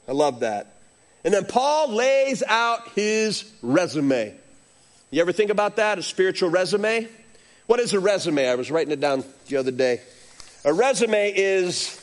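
A man's voice: a little high, moderate pace. A middle-aged male pastor preaching a sermon, telling stories and acting out voices. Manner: animated storytelling preacher, acts out voices.

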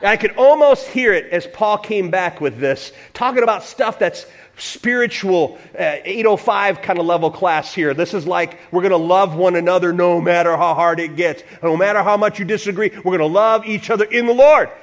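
A man preaching to a church congregation, animated and playful, sometimes leading the room in song. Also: high-pitched, normal speed. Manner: animated, playful, acts out voices and leads congregation singing. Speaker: pastor. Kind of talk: sermon.

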